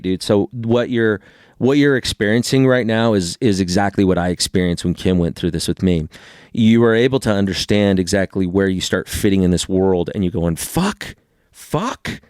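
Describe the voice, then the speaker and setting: Low-voiced man, casual swearing podcast host. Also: dry recording, clean studio sound. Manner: animated, swears freely, reads passages aloud.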